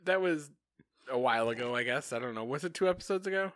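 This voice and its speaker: Male podcast co-host, mid pitch, dry close sound, quick teasing quips. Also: animated, a bit bright, no room sound. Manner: joking, teasing asides. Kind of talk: casual chat.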